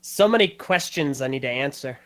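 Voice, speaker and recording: A man's voice: medium pitch, animated, brisk, fairly bright tone. A man back as co-host on a casual fan podcast over a call, easygoing and joking. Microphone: own mic on a voice call.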